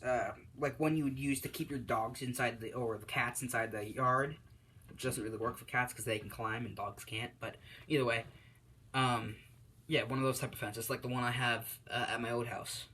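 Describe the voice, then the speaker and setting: A man's voice: medium pitch, sharp tone, breathy edge, low-quality recording. A man casually narrating a fan story off the cuff, rambling and correcting himself, with lots of fillers.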